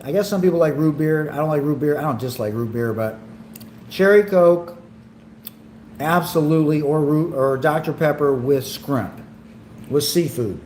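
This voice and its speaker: A man hosting a casual cooking and eating livestream at home, talking in a relaxed, rambling way and getting excited about the food. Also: fairly high pitch, normal speed, a little hiss or hum. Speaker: livestream host. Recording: echoey room with faint ambience.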